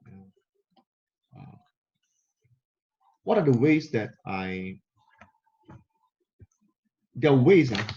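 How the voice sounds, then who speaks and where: A man's voice: mid-range voice, darkish tone. A man giving a motivational talk to camera, coaching listeners and repeating key phrases for emphasis. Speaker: motivational speaker. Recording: slightly muffled lo-fi recording.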